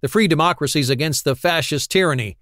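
A man reading aloud and voicing a frantic, shouting Frenchman raging at soldiers. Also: a little high, quick pace, dry recording, clean studio sound, lightly acted. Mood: ranting. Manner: shouting, agitated. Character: frantic French male pacifist ranting at soldiers.

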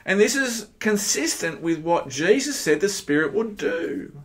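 An Australian man preaching a sermon, animated and emphatic, firing rhetorical questions at his listeners. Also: a little slow. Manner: animated, with sudden jumps in pitch and loudness. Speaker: pastor.

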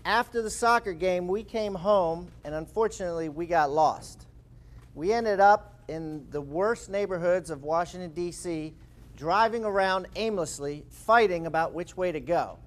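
A man in his forties, an author and speaker, telling a lively anecdote in a talk. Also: high voice, moderate pace. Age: 40s. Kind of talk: storytelling talk.

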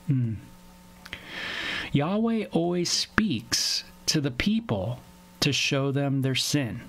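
A man leading a relaxed Bible teaching from his home. He talks in an easygoing, conversational way and slips into quick skits with other voices. His voice sits at an ordinary middle pitch.

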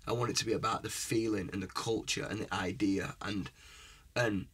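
A man's voice: lowish voice, steady tone, normal speed, fairly bright tone, husky. A young man, a musician guest in a casual interview, talking earnestly in long rambling runs and often asking whether he is understood. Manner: earnest and rambling, often asks "you know what I mean?".

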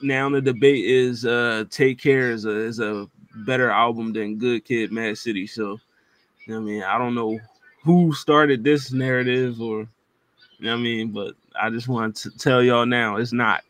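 A man's voice: mid-range voice, moderate pace, dry recording. Laid-back man, dry close sound. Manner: relaxed, hedging with fillers. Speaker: podcast co-host. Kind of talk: casual chat.

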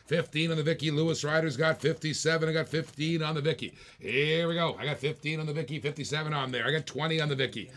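A man's voice: a little high, fairly bright tone. A man hosting a live online auction, calling bids in playful, repetitive patter with jokes. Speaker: auctioneer and host.

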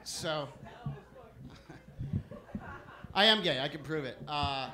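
A male stand-up comedian on a comedy club stage, delivering deadpan setups and punchy lines into a handheld mic. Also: on the high side, slow pace. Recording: roomy club recording with background noise.

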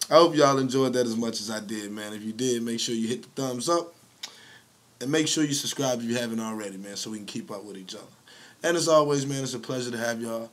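A man hosting a reaction video, chatting casually in a laid-back slangy way. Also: medium pitch. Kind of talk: casual chat.

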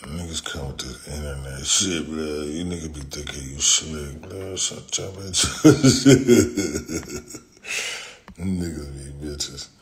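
A man's voice: very deep voice, takes it slowly. A young man in a profane, taunting rant, repeating his insults over and over. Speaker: social media commenter. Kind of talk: angry rant.

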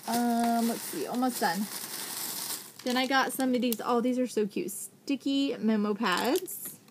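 A woman in her thirties gushing with excitement as she unboxes craft supplies in a casual vlog, thanking the sender again and again. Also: fairly high pitch, measured pace, a little hiss or hum. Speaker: vlogger unboxing craft mail.

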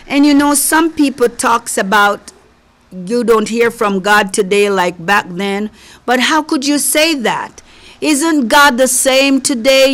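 A woman's voice: on the high side, a bit bright. A woman preacher with a slight accent giving a conversational sermon, speaking earnestly and directly to her listeners. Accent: non-native English. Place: local community TV studio.

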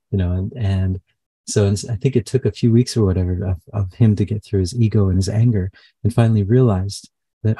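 Husky low man, very mellow tone. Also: no echo. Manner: halting, many fillers and restarts. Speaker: channeler. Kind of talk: live channeling session.

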